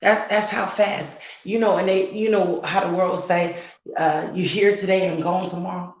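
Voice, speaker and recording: A woman's voice: on the low side, steady tone, normal speed, echoey room, poor audio. A woman co-hosting a casual heart-to-heart talk as a mother, earnest and growing fervent and preachy, repeating words for emphasis. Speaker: co-host, mother.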